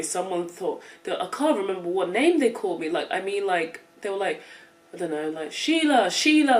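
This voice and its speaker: A woman's voice: on the low side, far from the mic, rough recording. Chatty young English woman vlogger. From England. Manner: chatty, filler-heavy, laughs often. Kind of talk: casual chat while eating.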